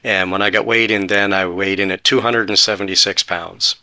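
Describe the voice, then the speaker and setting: Guy in his 40s from canada telling his story on a podcast, lowish voice, earnest. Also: steady tone, brisk, bright, forceful tone. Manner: earnest, retells talks with quoted dialogue. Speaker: podcast guest. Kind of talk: personal storytelling.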